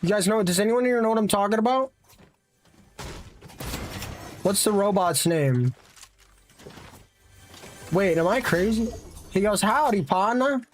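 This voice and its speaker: A young adult streamer gives live commentary on a battle royale game while chatting with viewers, sounding exasperated as he repeats disbelieving questions and answers the chat. His voice is medium in pitch at a moderate pace with long pauses. Soft music plays in the background.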